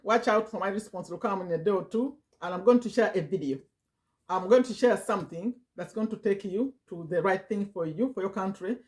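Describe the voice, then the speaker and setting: A woman in her fifties speaks to her viewers from home in a motivational vlog. She repeats her points and presses them home in a coaxing way. Her voice sits in an ordinary middle pitch. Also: darkish tone. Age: 50s. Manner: repetitive, emphatic, coaxing. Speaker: affiliate marketing vlogger. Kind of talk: motivational direct-to-camera talk.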